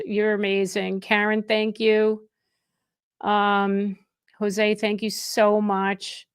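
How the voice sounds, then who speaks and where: A chatty middle-aged woman hosts a real estate live stream and talks to her viewers in a warm rush, often stopping and restarting her sentences. Her voice sits at an ordinary pitch for a woman. It is recorded close and dry, with no room sound. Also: completely flat delivery, extremely slow, smooth, dry recording. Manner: effusive and chatty, with frequent restarts. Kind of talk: casual live stream chat.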